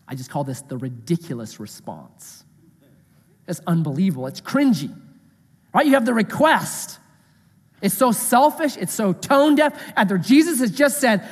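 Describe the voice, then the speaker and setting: A man in his thirties preaches with a high, lively voice that has a slight husk. His delivery swings from casual storytelling to slow, weighty scripture reading. He is heard in a church hall with a long, echoing reverb. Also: slightly rough. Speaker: pastor. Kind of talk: sermon.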